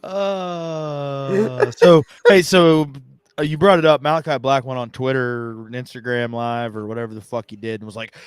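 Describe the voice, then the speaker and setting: A man's voice: mid-range voice, fairly even intonation, moderate pace, clear, resonant tone. A man co-hosting a wrestling podcast, joking, teasing and swearing in casual chat. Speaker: podcast co-host.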